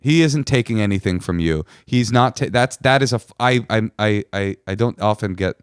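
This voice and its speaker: A man's voice: on the low side, moderate pace, smooth, no room sound, clean studio sound. A man hosting an advice podcast, talking bluntly and passionately, with plenty of swearing. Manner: blunt, profane and impassioned. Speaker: podcast host giving advice. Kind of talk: casual advice chat.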